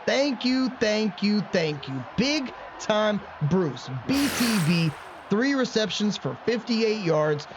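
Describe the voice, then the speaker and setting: A man hosting let's-play commentary of a video game, excitable and quick to rant at himself in frustration. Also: high-pitched. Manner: excitable, swings into frustrated self-mocking rants. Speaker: gaming channel host. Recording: muffled lo-fi audio with faint background noise.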